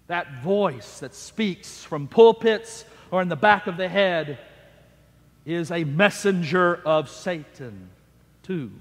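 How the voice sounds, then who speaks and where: A male pastor preaching in a fairly high voice, taking his time and leaning hard on key words. His lines rise into emphatic, dramatic declarations, and each phrase rings on in the long reverb of a big church sanctuary. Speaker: senior pastor. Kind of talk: sermon.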